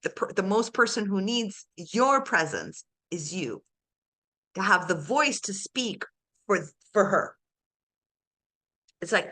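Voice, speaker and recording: A woman's voice: medium pitch, expressive, slow, pauses often, pushed and bright. A woman coaching a client one to one, acting out the client's inner dialogue and laughing often. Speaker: life coach. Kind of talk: coaching session.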